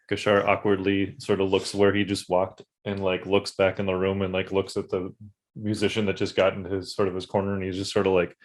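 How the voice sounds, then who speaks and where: Low-voiced male player, hesitant, describes his character's moves. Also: monotone, brisk. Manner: narrates his character in third person, hesitant.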